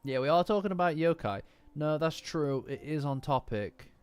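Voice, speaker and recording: A man's voice: fairly high pitch, lively intonation, normal speed, clear, resonant tone. Tired, rambling young man streaming. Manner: rambling, apologetic, self-deprecating. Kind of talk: casual livestream chat. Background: faint lofi music.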